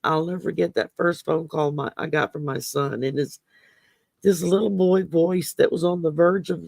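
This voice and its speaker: A woman's voice: sits low, moderate pace, creaky, darkish tone, no room sound, clean studio sound. A middle-aged woman from the Southern United States, co-hosting a casual chat and telling stories in a candid, folksy way. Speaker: co-host.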